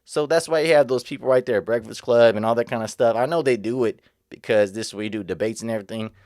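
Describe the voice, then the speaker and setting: A man's voice: mid-range voice, quick pace, a little mellow, dry recording, studio quality. Rambling man with a slight slur. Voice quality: slightly slurred speech. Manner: rambling, repetitive, restarts often; earnest, motivational. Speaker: vlogger. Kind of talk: casual reaction vlog.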